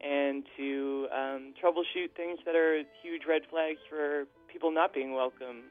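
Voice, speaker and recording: A guest performer calling in to a radio interview, chatty and rambling with many fillers. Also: male voice, fairly high pitch, fairly even intonation, unhurried. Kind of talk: casual radio interview over the phone. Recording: tinny phone line, dry. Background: faint music.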